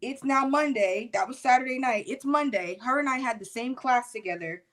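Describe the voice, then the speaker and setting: A young woman telling a personal testimony story in a casual, animated, expressive way. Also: sits high, moderate pace.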